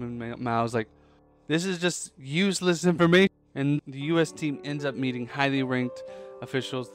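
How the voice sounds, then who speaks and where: Male podcast host, casual animated storyteller, mid-pitched. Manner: animated, jokey, does quick quoted voices.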